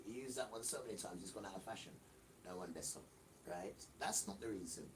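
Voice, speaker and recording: Male livestream host, low voice, scolding and emphatic, noisy room tone. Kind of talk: ranting commentary over played clips.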